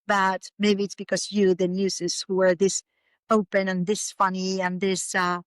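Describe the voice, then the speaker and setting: A woman's voice: mid-range voice, flat delivery, a little slow, smooth, no echo. A middle-aged Spanish woman speaking English with a Spanish accent, a podcast guest telling stories casually with many fillers and restarts. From Spain. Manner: warm storytelling with frequent fillers and restarts. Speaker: guest, English academy owner. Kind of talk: casual chat.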